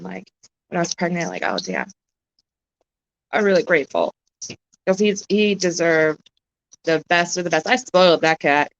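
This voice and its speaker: A woman chatting on a live stream, close to tears, halting and emotional, swearing often as she talks. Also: fairly low pitch, fairly bright tone, muffled recording, slight background noise. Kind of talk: casual live-stream chat.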